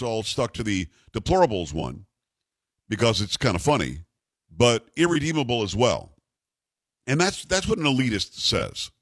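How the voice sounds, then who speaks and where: A man's voice: medium pitch, dry recording. A man hosting a talk radio show, delivering a sarcastic, emphatic political monologue into a studio microphone.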